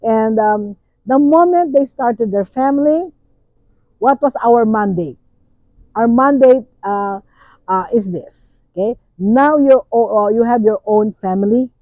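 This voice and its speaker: An older woman from the Philippines, hosting and sharing memories in a slow, musing way with many fillers. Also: fairly high pitch, no echo. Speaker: host. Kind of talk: casual reflective talk. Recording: tinny phone-like sound.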